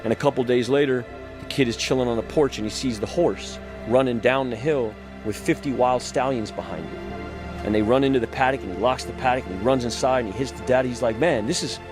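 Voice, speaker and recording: A man's voice: mid-range voice, fast, over music. A man telling a long story in casual, loose speech, swearing freely and restarting his sentences. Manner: loose and profane, with frequent restarts.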